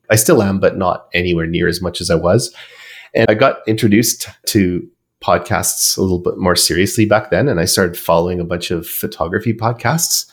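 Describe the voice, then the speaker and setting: A man being interviewed on a podcast, telling long stories in a chatty, rambling way with filler words. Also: low-pitched. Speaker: podcast guest. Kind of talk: casual storytelling in an interview.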